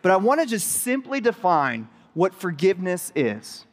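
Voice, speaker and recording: A man giving a sermon as pastor, telling a story in a conversational, animated way with excited asides. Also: high voice, normal speed. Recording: reverberant hall.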